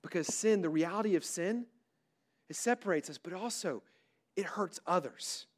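A middle-aged male pastor preaching a sermon to a large crowd, pressing his points with rising emphasis and drawn-out stressed words. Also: sits high, animated. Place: large hall before a crowd.

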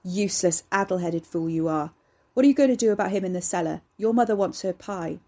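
A woman voicing a gruff, sneering older man who rumbles low and threatening. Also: a little fast, warm tone, natural voice. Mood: menacing.

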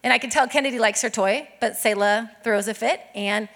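Bright, high-voiced woman pastor preaching. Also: brisk. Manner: animated storytelling with acted-out quotes. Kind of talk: sermon.

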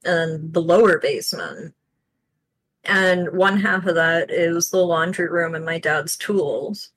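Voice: medium pitch, takes it slowly, a bit bright, no room sound, low-quality recording. A comic artist explaining ideas matter-of-factly in casual chat, with fillers. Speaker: comic artist and podcast co-host.

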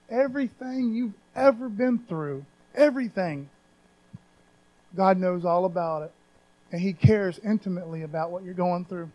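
A man's voice: sits high, moderate pace, a little mellow, poor audio. A man preaching a sermon in a conversational, emphatic way, often adding "man" and raising his voice on scripture readings. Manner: raises voice when reading scripture aloud.

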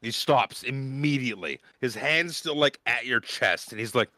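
A man narrating as game master of a tabletop game, chatty and animated. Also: medium pitch, normal speed, few pauses, no echo.

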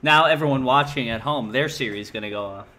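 A man's voice: mid-range voice, brisk, pushed and bright. A man hosting a casual podcast chat, sarcastic and rambling, swearing freely. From lives in New York. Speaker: podcast host.

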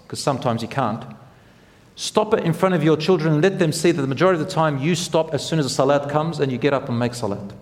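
A man's voice: fairly high pitch, in a large hall. A man preaching a sermon as a teacher, speaking earnestly and putting direct questions to his listeners.

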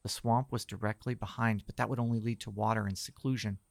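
Gravelly-voiced man narrating a horror tale. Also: fairly low pitch, fairly even intonation, dry recording. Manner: measured, tense storytelling.

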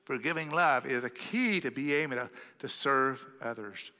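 A man's voice: mid-range voice, normal speed, bright, forceful tone. A man with a Texan accent, a pastor preaching a sermon, telling a story animatedly and acting out the quoted voices. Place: church sanctuary. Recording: long reverb of a church hall.

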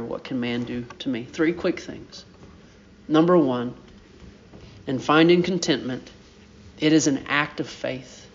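Slow-preaching man, dull lo-fi sound. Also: a little high. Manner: deliberate preaching with rising emphatic peaks. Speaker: pastor. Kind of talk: sermon.

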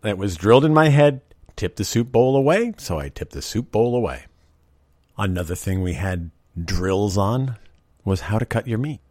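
Animated man, lively emphatic storytelling. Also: on the low side, normal speed, no room sound, studio quality. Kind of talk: reminiscing monologue.

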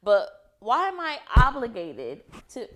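A woman's voice: on the high side, huge pitch swings, slow, fairly bright tone. A young woman co-hosting a podcast, chatting casually in a blunt, emphatic way and swearing freely. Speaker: podcast co-host. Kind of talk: casual chat.

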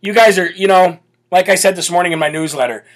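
A man's voice: high voice, fast. An American man hosting a political talk show, reading donor messages aloud and leading prayer in a brash, bold way. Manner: laughs and chants loudly.

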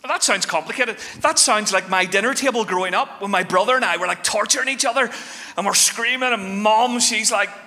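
A man preaching a sermon as pastor, telling stories with lively shifts between quick bursts and slow, weighty phrases. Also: high voice. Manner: animated storytelling, shifting fast and slow. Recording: long hall reverb.

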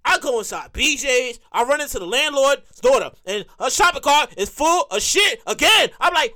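A man hosting his own comedy show, telling a profane, excitable rant full of repeated lines. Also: very high-pitched, brisk. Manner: profane, excitable ranting with lots of repetition.

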